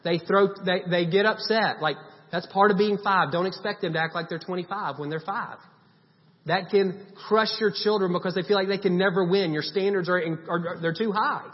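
Heard through a long, dull hall reverb, a pastor preaches in a conversational style. He has a high voice, talks at normal speed, and emphasizes his points by repeating short commands.

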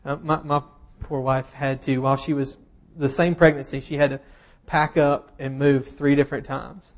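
Male preacher, mid-pitched, chatty sermon delivery, dry self-deprecating humor, lots of ums. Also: level tone, moderate pace. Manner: casual and self-deprecating, with humorous asides and frequent fillers. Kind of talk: conversational sermon.

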